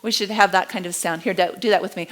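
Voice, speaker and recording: A middle-aged woman teaching a live body language class, animated and acting out what people say. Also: mid-range voice, fast talker. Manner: animated, acts out quotes and gestures.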